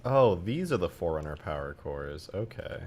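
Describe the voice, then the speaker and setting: Low-voiced man streaming game modding. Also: very animated, moderate pace, a little mellow, faint music behind. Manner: loose and profane, answering chat questions. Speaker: game modder streaming live. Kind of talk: casual livestream chat while modding.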